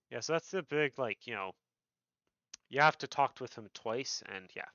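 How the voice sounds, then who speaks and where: A man's voice: mid-range voice, lively intonation, moderate pace, sharp tone, dry recording. Male game streamer, casual wry asides, dull lo-fi dry audio. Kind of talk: casual gameplay commentary.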